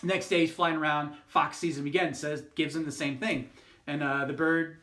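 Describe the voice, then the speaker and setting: A man's voice: on the high side, moderate pace, fairly bright tone, roomy sound. A man, a youth pastor, telling a fable in a casual, rambling way, with lots of fillers and restarts. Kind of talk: youth group devotional talk.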